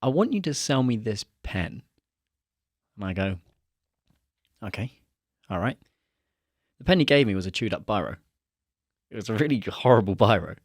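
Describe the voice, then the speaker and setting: A young man telling a story in a casual chat, animated and acting out the dialogue he quotes. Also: on the low side, moderate pace, long pauses, no echo, studio quality. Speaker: podcast guest.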